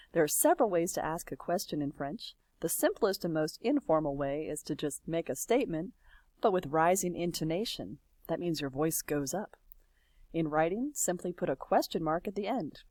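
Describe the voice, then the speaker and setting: A woman teaching a recorded slideshow lesson, lively and sing-song when she models phrases, with quiet near-whispered asides. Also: on the low side, no echo. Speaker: French teacher.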